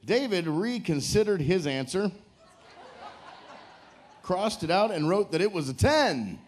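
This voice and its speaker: A man hosting a live couples game show on a cruise ship stage. His voice sits fairly high and leaps around with energy as he jokes, teases the players and calls on the audience to cheer. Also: big pitch swings, measured pace, slight background noise. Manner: joking, teasing, hypes the crowd.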